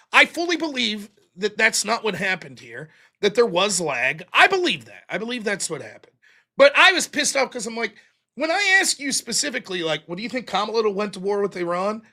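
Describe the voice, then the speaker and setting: A man hosts a live internet show and talks straight to his viewers in a blunt, profane rant. His voice sits high for a man and sounds bright and forceful. He reels off donations and rules for the chat in a brisk, casual way. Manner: blunt, profane, animated ranting. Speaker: livestream host.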